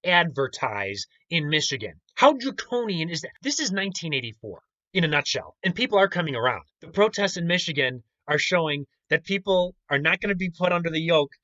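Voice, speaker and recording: A man's voice: a little high, lively intonation, a little fast, sharp tone, no room sound, lo-fi sound. A man hosting his own commentary channel, ranting in a heated, sarcastic and indignant way.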